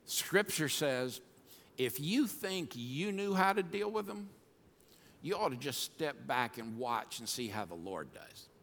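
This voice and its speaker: A man preaching a sermon as pastor, fired up and swinging between quiet asides and shouting. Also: mid-range voice, big pitch swings, unhurried, slight background noise. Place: church sanctuary. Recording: long hall reverb.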